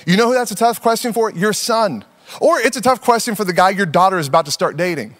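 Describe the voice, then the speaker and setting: High-voiced man preaching a lively sermon. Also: fast, in a large hall. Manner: conversational, animated storytelling with playful put-on voices. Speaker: pastor.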